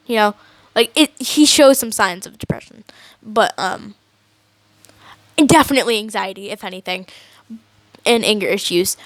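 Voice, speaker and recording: A woman's voice: on the high side, dry recording. A teenage girl ranting casually to camera as a vlogger, rambling with many likes and restarts.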